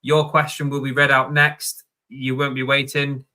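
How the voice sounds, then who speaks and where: A man's voice: medium pitch, monotone, moderate pace, pushed and bright. A man hosting a live stream, chatting and reading out viewer questions. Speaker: host.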